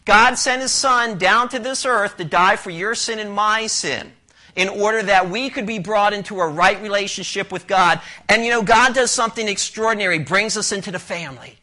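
Bright, high-voiced male preacher. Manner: emphatic, rhetorical questions, quotes scripture. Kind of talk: expository sermon.

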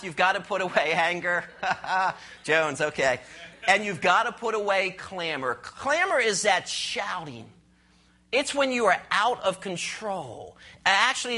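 High bright preacher guy, sermon, tells jokes with voices, goes real quiet sometimes. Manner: storytelling with acted-out voices and dramatic drops to a near whisper; asks the audience rhetorical questions.

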